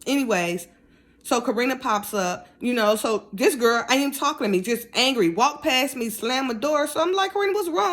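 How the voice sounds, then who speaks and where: A middle-aged woman casually telling a personal story, acting out the dialogue in a raised voice. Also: a little high. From United States. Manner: animated, acts out dialogue in raised voice.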